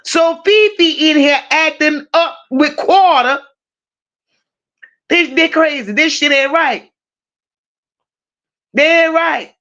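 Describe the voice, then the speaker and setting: A woman hosting a casual true-crime livestream, reading viewer comments aloud and answering them with blunt, profane, animated banter. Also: high-pitched, slow, pauses often, dull audio. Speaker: livestream host reading chat.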